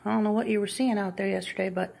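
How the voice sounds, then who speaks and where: A woman's voice: medium pitch, steady tone, fast talker, gravelly, a little mellow, slightly rough. A woman cat sitter talking to a cat while filming with a phone in a client's home, cooing in baby talk and sometimes dropping to a whisper. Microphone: phone camera pointed at the floor.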